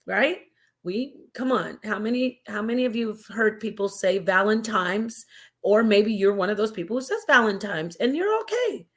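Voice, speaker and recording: A woman's voice: mid-range voice, expressive, normal speed. A woman hosting a casual live stream, chatty and digressive, talking to her viewers like family. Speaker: livestream host.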